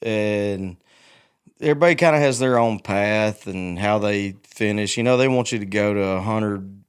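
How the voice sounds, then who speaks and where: A man's voice: on the low side, normal speed, smooth. A man in his forties, a guest musician, talking frankly and with self-deprecating humor in a casual interview. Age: 40s. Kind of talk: candid casual conversation.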